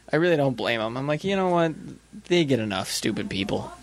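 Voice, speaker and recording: A man's voice: medium pitch, normal speed. A young man co-hosting a podcast, chatting casually and acting out the people in his stories. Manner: animated storyteller, acts out the people in his stories. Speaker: podcast co-host. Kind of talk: casual chat.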